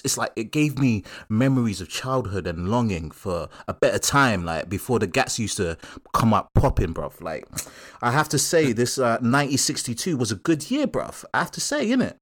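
A cocky young roadman , as a man puts him on, sounding out a wine review in slang with a deep voice. He halts and searches for words, then lands each phrase with mock seriousness. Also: fairly bright tone.

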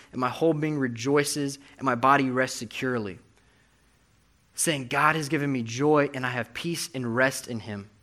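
A man's voice: mid-range voice, a bit bright. Earnest man preaching a sermon. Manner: earnest, reads scripture aloud with emphasis.

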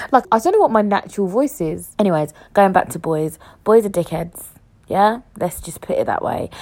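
A woman's voice: medium pitch, very animated, moderate pace, darkish tone. A young woman hosting a solo podcast, rambling and joking at herself as her thoughts jump around. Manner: rambling, jokey, self-mocking, jumps between thoughts. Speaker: podcast host. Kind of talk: solo casual chat podcast.

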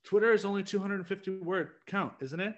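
A man's voice: sits high, a little fast, dull audio. A young American man co-hosting a casual podcast chat, ranting in a blunt, opinionated way. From United States. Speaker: podcast co-host.

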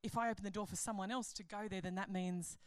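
A woman giving a sermon at a conference, chatty and animated, joking and laughing at her own stories. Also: medium pitch, quick pace, clear, resonant tone, dry recording, clean studio sound. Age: adult. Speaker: conference speaker, pastor.

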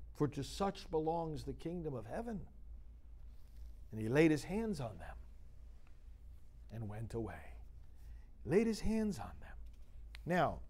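A male priest with a medium-pitched, darkish voice gives a scripture reflection. He reads Bible passages aloud, then builds to fervent, emphatic and urgent preaching.

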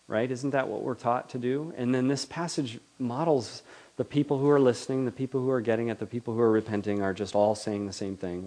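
A man giving a sermon at a middle pitch. He talks to the room in a conversational way and keeps asking questions. He also puts on voices for the people he quotes. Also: fairly even intonation, brisk, mellow. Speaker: preacher.

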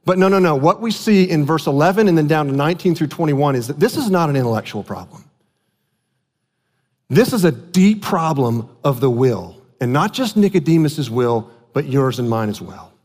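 A man's voice: on the high side, lively intonation, normal speed, darkish tone, big-room sound. A man preaching a sermon as a pastor, talking in a conversational storytelling way and repeating key phrases for emphasis.

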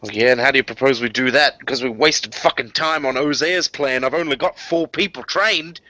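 A man's voice: medium pitch, a little fast, pushed and bright, dry recording, natural voice. A man voicing an agitated male settlement defender who swears bluntly and sounds worried. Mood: aggravated.

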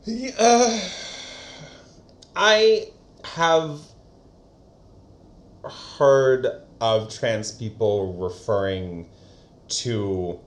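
A man's voice: mid-range voice, drawn-out words, long pauses. A man co-hosting a casual book discussion, animatedly retelling the story and slipping into voices. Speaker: podcast co-host. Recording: roomy echo.

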